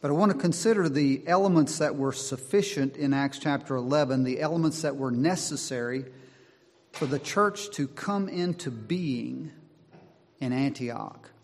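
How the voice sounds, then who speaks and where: A man preaching a sermon, slow and deliberate, driving his points home with emphatic repetition. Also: medium pitch. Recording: long hall reverb.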